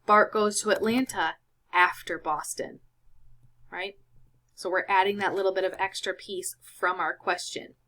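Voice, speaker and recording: Patient woman teaching slowly. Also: mid-range voice, steady tone, sharp tone. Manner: patient, explains step by step. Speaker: Spanish teacher. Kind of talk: screen-recorded lesson walkthrough.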